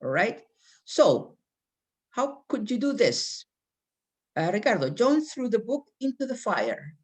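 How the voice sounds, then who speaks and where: Lively-voiced woman teaching English grammar. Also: fairly high pitch, slow pace, breathy edge. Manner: reads example sentences aloud and calls on students by name. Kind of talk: online English grammar class.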